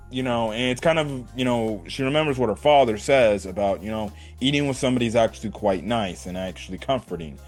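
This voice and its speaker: A man giving a casual video review, animated and laughing often, swearing and tossing in "right?" after his points. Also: mid-range voice. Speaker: anime reviewer.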